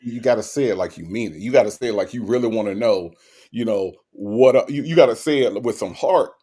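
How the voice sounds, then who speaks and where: A man's voice: lowish voice, animated, fast, dark tone, breathy edge. A man hosting a casual livestream talk show, reading out viewer comments and repeating phrases for effect.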